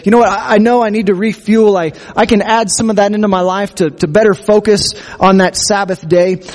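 High-voiced pastor preaching in a hall. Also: male voice, fairly even intonation. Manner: earnest, conversational preaching with pauses. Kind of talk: sermon. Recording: long hall reverb.

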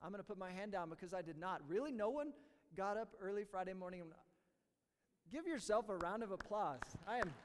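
High-voiced man preaching in a reverberant hall. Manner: joking, then earnest teaching; halting, repeats words. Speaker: pastor. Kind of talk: sermon. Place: church sanctuary.

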